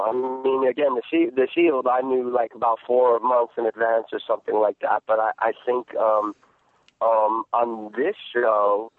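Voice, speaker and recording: A man who works as an actor, answering interview questions in a casual, halting way, with many restarts, fillers and frequent laughs. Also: mid-range voice, no echo. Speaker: actor guest. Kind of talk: phone interview, casual storytelling. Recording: tinny phone line.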